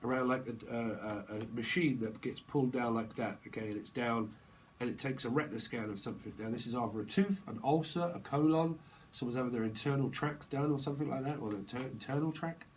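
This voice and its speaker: A man's voice: medium pitch, fast talker, a little hiss or hum, poor audio. A man giving a casual, rambling tarot reading, laughing often and using slang. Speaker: tarot reader.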